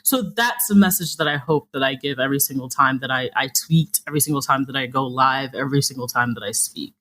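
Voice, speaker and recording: A young woman from New City, a podcast guest talking in a lively, slangy, casual way with the odd swear. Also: extremely low pitch, fast. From New York City. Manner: animated, slangy, swears casually, jumps into mock dialogue. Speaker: podcast guest, content creator. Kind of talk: casual interview chat.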